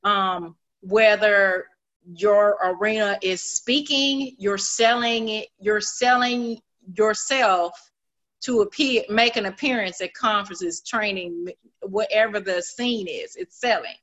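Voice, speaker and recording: A woman's voice: mid-range voice, takes it slowly, fairly bright tone. A woman hosting a casual interview, speaking hesitantly with many fillers as she searches for words.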